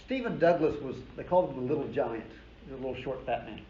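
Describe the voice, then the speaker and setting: A man's voice: mid-range voice, animated, quick pace, warm tone, slight background noise. Male history professor, emphatic storytelling lecture, casual asides, roomy dull recording. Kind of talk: classroom lecture.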